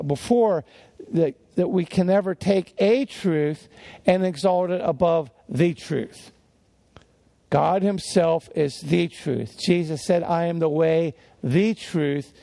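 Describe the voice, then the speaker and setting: A man's voice: on the high side, creaky, warm tone. A man preaching a sermon as a pastor, talking conversationally with restarts and small chuckles, and rising to stress key words. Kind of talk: sermon teaching.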